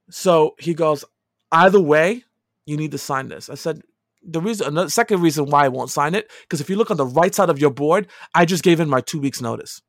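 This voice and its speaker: A middle-aged man spins a personal story in a loose, chatty way, his voice sitting a little high for a man. He swings from hushed asides to loud bursts of emphasis. The recording is close and dry, with no room sound. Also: fairly quick, no echo. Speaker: podcast co-host telling a story. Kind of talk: casual storytelling.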